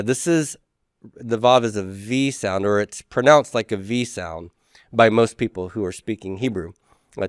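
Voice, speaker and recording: A man's voice: mid-range voice, no room sound, studio quality. A man teaching a class, talking casually and repeating letter names for students to say back. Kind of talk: classroom lecture.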